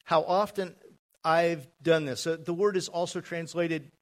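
Male pastor mid-sermon; unhurried, emphatic, talks straight to the congregation. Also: fairly high pitch, fairly even intonation. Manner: slow, emphatic preaching with asides to the congregation.

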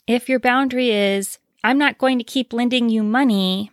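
A woman's voice: a little high, moderate pace, dry recording. Direct woman giving advice, dry sound. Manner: direct, explanatory, rhetorical questions. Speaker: podcast host. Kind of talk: solo advice talk.

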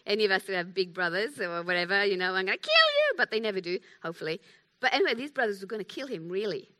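A woman's voice: mid-range voice, fast talker, bright, forceful tone. A woman preaching a sermon in a chatty, self-deprecating way, acting out quotes.

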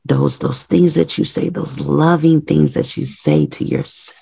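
A woman's voice: sits low, steady tone, measured pace, creaky, dark tone, slightly rough, no room sound. A woman hosting a motivational podcast, urging listeners with emphatic, repetitive phrases. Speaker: podcast host.

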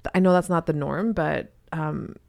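A woman's voice: deep voice, normal speed, gravelly, a little mellow, no room sound, studio quality. A woman co-hosting a podcast, a new mother, talking candidly and animatedly in casual chat. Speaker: podcast co-host.

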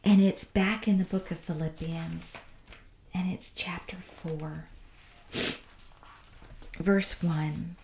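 Woman, devotional teacher, slow and hushed, earnest, echoey room. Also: lowish voice, steady tone, vocal fry, slight background noise. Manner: gentle, earnest, often soft and hushed. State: tearful. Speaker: podcast Bible teacher.

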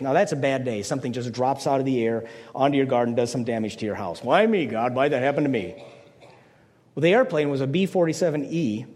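A man's voice: medium pitch, darkish tone, big-room sound. An older man preaching a conversational sermon as pastor, playful, slipping into mock voices to make his points.

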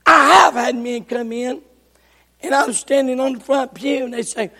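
A male pastor preaching a sermon, telling folksy stories with bursts of shouting, recorded in a church sanctuary. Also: very high voice, normal speed. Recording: echoey church hall.

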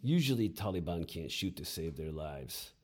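A man's voice: low voice, big pitch swings, moderate pace. A man playing a weary young army sergeant. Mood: blunt. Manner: frank, plain-spoken, profane. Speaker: soldier back from war.

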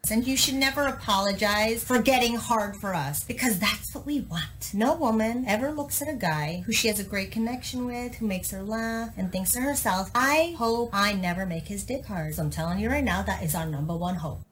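A woman's voice: mid-range voice, moderate pace, few pauses, a little hiss or hum, natural voice. A woman playing a crude, bossy dating coach. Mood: lecturing. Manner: blunt, crude, lecturing.

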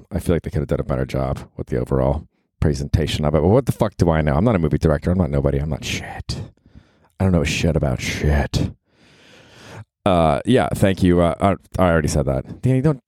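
A man's voice: a bass voice, a little mellow, no echo, clean studio sound. A man in his forties hosting his own podcast, rambling casually with profanity and self-mockery. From New York. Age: 40s. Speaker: podcast host. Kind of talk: casual solo podcast monologue.

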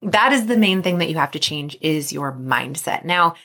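A middle-aged woman with a low voice, speaking at a moderate pace, hosts a solo podcast as a mental performance coach. Her storytelling is lively, and she acts out the worried inner thoughts of athletes.

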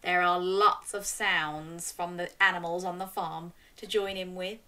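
A woman's voice: lowish voice, steady tone, a little slow, bright, forceful tone. A woman hosting a storytime for young children, reading a picture book aloud and coaxing listeners to join in with animal sounds.

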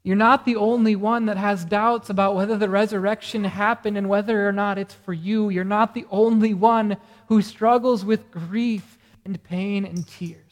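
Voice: mid-range voice, steady tone, moderate pace, hardly any pauses. A pastor delivering a morning sermon earnestly, asking the congregation rhetorical questions. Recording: reverberant hall sound.

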